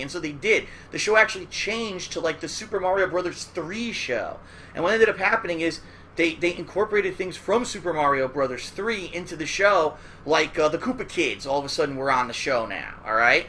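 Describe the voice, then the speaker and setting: Brisk and sharp-toned, with a fairly high pitch, this male host rambles casually through old cartoons in profane, loose commentary. He often checks in with "all right?", and a little hiss or hum is audible.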